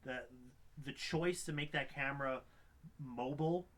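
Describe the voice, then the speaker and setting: A young man co-hosting a podcast, chatting casually about a film, rambling with many restarts and sudden animated outbursts. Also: medium pitch, measured pace. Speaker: podcast co-host. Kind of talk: casual film review chat.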